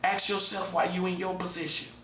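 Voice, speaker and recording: Fairly quick and sharp-toned, this forty-something self-declared prophet speaks in a high voice with little pitch movement. He repeats himself combatively and keeps calling his listener "buddy." The recording has a slight hiss or hum, roomy echo, and faint ambience.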